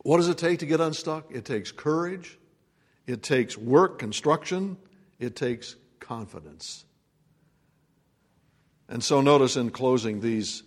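A man preaching a sermon as pastor, swinging between loud proclamation and hushed, quiet lines. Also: mid-range voice, slow pace, pauses often. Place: church sanctuary. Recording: long reverb of a church hall.

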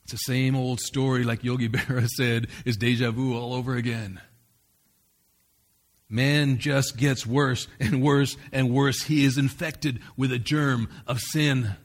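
A man's voice: medium pitch, steady tone, unhurried. A man, the pastor, preaching a sermon in an earnest, emphatic way, restarting phrases now and then.

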